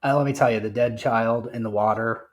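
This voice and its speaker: A man's voice: mid-range voice, fairly even intonation, brisk. A man co-hosting a podcast, chatting casually about a film with blunt, profane, short retorts. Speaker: podcast co-host. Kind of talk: casual movie review chat.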